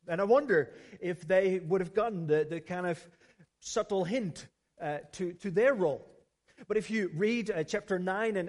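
A man's voice: high voice, a little mellow. A man preaching a sermon, earnest, often asking the congregation rhetorical questions. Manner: earnest, asks rhetorical questions, some restarts. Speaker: pastor.

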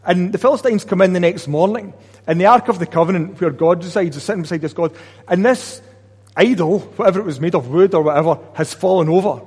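Pastor giving a sermon, kinda husky voice, lots of echo in the hall. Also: male voice, high-pitched, fast talker, darkish tone. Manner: conversational preaching with rhetorical questions.

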